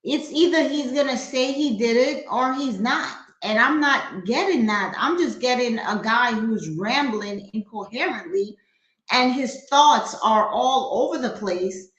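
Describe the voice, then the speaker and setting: A woman's voice: a little high, lively intonation, unhurried, fairly bright tone, roomy sound, low-quality recording. A woman from New giving blunt, skeptical commentary on a crime case during a live stream. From New York. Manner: blunt, skeptical, talks back at the clip.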